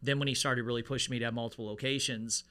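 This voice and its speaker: A man who runs a martial arts school, talking in a casual podcast conversation and telling lively stories that act out quoted dialogue. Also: medium pitch, very fast, clear, resonant tone.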